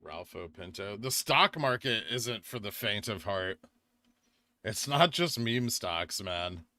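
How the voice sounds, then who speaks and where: A low-voiced man with a bright, forceful edge chats through a live trading stream at his desk microphone. He rambles with plenty of fillers, dropping to near-mutters when reading chat and jumping up in excitement when he explains. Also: slow. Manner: rambling, filler-heavy, swings from quiet muttering to excited bursts. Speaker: livestream trading host.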